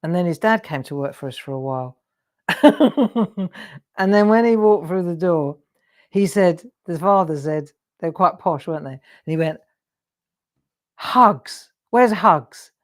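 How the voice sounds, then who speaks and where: A woman's voice: lowish voice, normal speed, darkish tone. An English woman hosting a live crafting show, telling rambling anecdotes and laughing often. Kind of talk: chatty storytelling while crafting.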